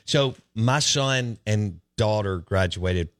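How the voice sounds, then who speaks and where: A man's voice: on the low side, lively intonation, dry recording, clean studio sound. A middle-aged man with a Southern US accent hosting a casual radio talk show, affable and agreeable. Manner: affable, agreeable, quick endorsements.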